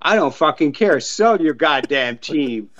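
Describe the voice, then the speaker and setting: A man's voice: fairly high pitch, lively intonation, unhurried, a bit bright, lo-fi sound. A man on a sports podcast cracking crude joking asides. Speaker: podcast co-host. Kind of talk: casual sports chat.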